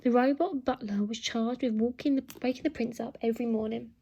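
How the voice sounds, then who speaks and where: Husky teacher reading a story. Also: female voice, on the high side, fairly quick, lo-fi sound. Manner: lively storytelling, acting out sound effects. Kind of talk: reading a children's book aloud.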